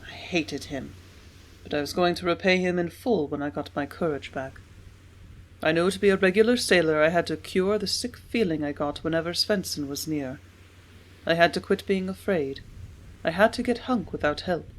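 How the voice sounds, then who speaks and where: A woman narrating an audiobook in a measured, steady reading voice. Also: fairly low pitch. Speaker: audiobook reader.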